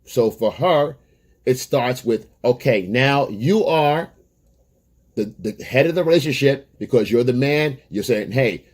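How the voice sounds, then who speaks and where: Here the dating coach's voice is mid-range and darkish, with lively intonation and a measured pace. Addressing the camera directly, he delivers his advice in a blunt, emphatic monologue, hammering home his points again and again.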